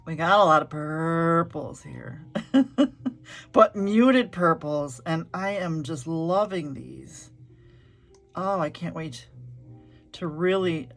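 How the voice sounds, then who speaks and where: A middle-aged woman chatting casually as she paints swatches, gushing and thinking aloud. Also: fairly low pitch. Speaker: art vlogger.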